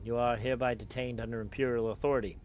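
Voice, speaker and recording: A man voicing a thin officer who is calm, precise and unimpressed. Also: medium pitch, fast, slight background noise, close to an everyday voice. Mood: cold. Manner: cold and clipped.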